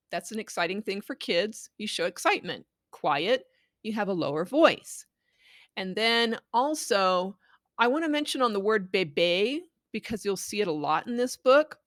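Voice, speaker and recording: A woman educator giving clear, patient instructions on how to read a picture book aloud to a child. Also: mid-range voice, a bit bright, no echo, clean studio sound. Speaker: Spanish language educator. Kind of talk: instructional talk on reading aloud.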